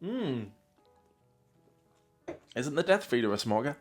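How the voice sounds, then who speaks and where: A man's voice: on the low side, big pitch swings, fairly quick, soft background music. A man hosting a commentary channel, reading out questions and answers and cutting in with sarcastic jabs. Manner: sarcastic, interrupting himself with jabs. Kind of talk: mocking reaction commentary.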